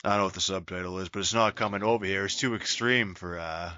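A man's voice: low-pitched, fairly even intonation, quick pace, pushed and bright, dry recording, lo-fi sound. A man hosting a casual podcast, talking in a crude, profane, rambling way full of restarts. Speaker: podcast host.

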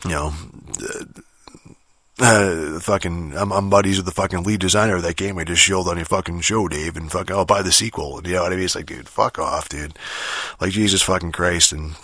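A man's voice: low voice, steady tone, a little fast, bright, forceful tone, no echo, studio quality. A man hosting a solo podcast, rambling in a casual rant, swearing heavily and filling gaps with ums and restarts. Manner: rambling, heavy swearing, many fillers and restarts. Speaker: podcast host.

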